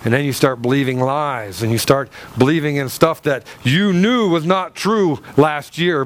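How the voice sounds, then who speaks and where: A male pastor preaching a sermon in a church, firing rhetorical questions with dramatic swings in his delivery. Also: fairly high pitch.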